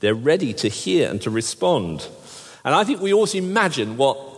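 A man's voice: a little high, sing-song, normal speed. A man preaching a sermon, with wry, jokey asides and frequent restarts. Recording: long hall reverb.

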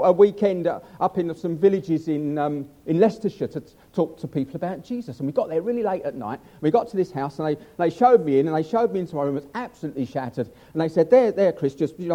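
Older preacher, lively high voice. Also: male voice. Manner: chatty, self-mocking storyteller. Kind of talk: humorous sermon.

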